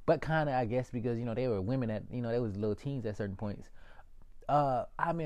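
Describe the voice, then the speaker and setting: A man's voice: medium pitch, expressive, fairly quick, darkish tone. A young man ranting casually to his viewers, profane and rambling, calling them y'all. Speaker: political vlogger.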